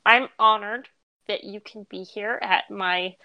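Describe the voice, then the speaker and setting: A woman's voice: mid-range voice, steady tone, a little slow, lo-fi sound, close to an everyday voice. A woman voicing a scrawny thirteen-year-old boy who tries hard to seem powerful, speaking in an eager, stiffly formal way. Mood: earnest.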